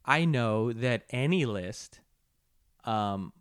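A man in casual podcast chat, talking in an animated, mocking way and swearing often. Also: mid-range voice, drawn-out words, clean tone, no echo, clean studio sound. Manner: animated, profane, mocking impressions. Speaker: podcast co-host.

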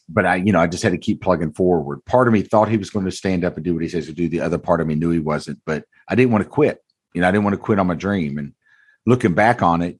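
Low raspy guy in his 40s, blunt and earnest, talks like he's chatting with a buddy. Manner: earnest, blunt, folksy, calls host brother. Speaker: car dealership owner, interview guest. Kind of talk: candid conversational storytelling.

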